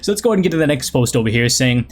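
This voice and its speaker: A man's voice: medium pitch, animated, rapid-fire. A man in his thirties hosting a casual podcast, rambling through posts with frequent laughs and self-mockery. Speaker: podcast host.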